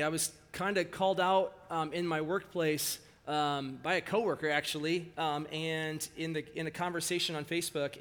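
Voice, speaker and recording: A middle-aged man giving a sermon, joking and telling animated stories, in a hall with some echo. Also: fairly high pitch. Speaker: speaker at a church service.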